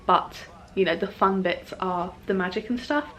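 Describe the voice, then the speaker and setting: A woman's voice: mid-range voice, moderate pace. Chatty young woman, bubbly and rambling. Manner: chatty, bubbly, filler-heavy with lots of "like" and "um". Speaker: book vlogger. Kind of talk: casual chat to camera. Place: home room in front of a bookshelf.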